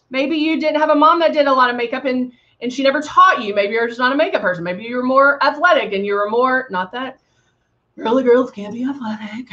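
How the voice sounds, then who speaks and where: A woman's voice: high voice, sharp tone, dull audio. A woman giving a live makeup tutorial, chatty and bubbly, throwing in playful sound effects as she works. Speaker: makeup demonstrator.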